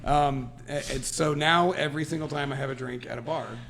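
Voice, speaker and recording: With a crowd audible behind him, a podcast co-host speaks in a gravelly, medium-pitched voice at a slightly fast clip. He tells a story in casual chat, animated and laughing along the way.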